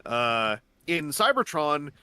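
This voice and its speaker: On a gaming stream, a man chats casually and explains at length, a rambling, enthusiastic explainer full of fillers and restarts. His fairly high voice is sing-song, slow, bright, and forceful, recorded clean with no room sound.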